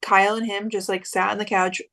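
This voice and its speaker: A young woman co-hosting a podcast, telling a long story in a loose, chatty way. She stays at a middle pitch and breaks into quoted voices as she goes. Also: flat delivery, fairly quick, fairly bright tone. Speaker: podcast co-host. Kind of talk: casual chat.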